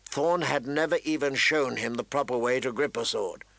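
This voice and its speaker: Earnest young guard on night watch, steady plain voice, reader doing him, dry sound. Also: male voice, mid-range voice, normal speed, vocal fry, no echo.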